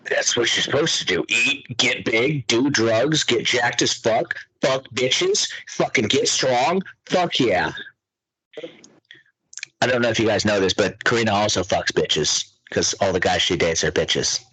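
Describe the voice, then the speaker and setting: A young man co-hosting a casual podcast, excitable and swearing constantly as he chats about lifters. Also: mid-range voice, unhurried, husky, no room sound, low-quality recording. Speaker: podcast co-host. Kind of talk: casual profane chat.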